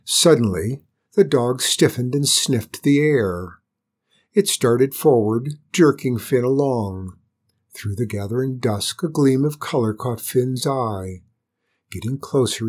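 Storybook narrator, calm and measured, husky man, mid-pitched. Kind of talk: storybook reading.

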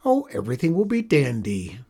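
A man voicing a mean, greedy old witch who mutters to herself in a hushed, husky voice. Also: medium pitch, huge pitch swings, fairly quick, exaggerated voice. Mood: scheming mutter.

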